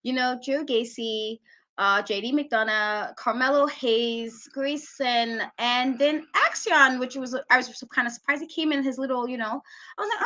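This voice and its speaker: A woman hosts a wrestling talk show with a high, bright voice. She rants emphatically about the matches and breaks into laughter often. Her commentary is casual and full of strong opinions. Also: moderate pace.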